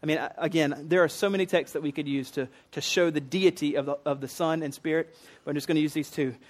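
A man's voice: on the high side, steady tone, fast talker. A man preaching a conversational sermon, explaining loosely with fillers and restarts. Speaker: pastor teaching a series.

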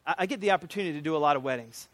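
A man's voice: fairly high pitch, racing, a bit bright, no room sound. A man preaching a sermon as pastor, conversational and plain-spoken.

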